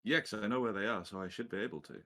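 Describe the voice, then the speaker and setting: A man's voice: fairly low pitch, racing, fairly bright tone. A man playing in a tabletop game, talking in a casual, eager way. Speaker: player.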